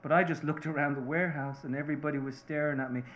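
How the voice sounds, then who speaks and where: A remorseful Irish-American seamstress and mother, read aloud by a man, confessing to her husband in an earnest, halting way. The voice sits a little high throughout. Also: steady tone, fairly bright tone, natural voice.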